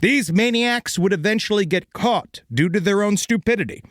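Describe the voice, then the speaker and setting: A man's voice: sits high, moderate pace, no echo, clean studio sound. An American man hosting a comedy podcast, narrating a true crime story in a playful, theatrical way. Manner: playful, theatrical, laughs often.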